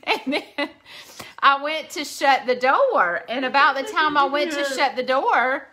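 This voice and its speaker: A woman, chatting casually on a live stream, telling stories slowly and laughing often. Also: high-pitched, animated, bright, forceful tone. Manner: slow, drawling storyteller, laughs often. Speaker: co-host, mother.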